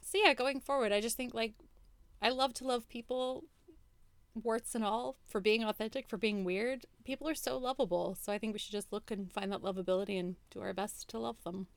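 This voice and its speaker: A woman's voice: fairly high pitch, steady tone, a little fast, gravelly, no echo. A woman in her thirties co-hosting a book podcast, chatting casually and upbeat with lots of "like". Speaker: podcast co-host. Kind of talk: casual book club chat.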